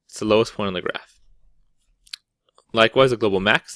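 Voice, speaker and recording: A man's voice: on the low side, a little fast, fairly bright tone, dry recording, studio quality. A man teaching calculus in a casual, conversational way, often checking in with "right?" and restarting words mid-thought. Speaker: math teacher. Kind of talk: explaining calculus over a whiteboard.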